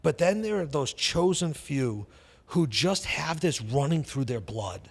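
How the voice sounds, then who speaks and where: A man's voice: on the high side, creaky, slightly rough. Intense Boston man with an echo. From Boston area, USA. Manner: intense, animated, talks in rapid bursts. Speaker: podcast guest, entrepreneur. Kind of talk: casual interview storytelling.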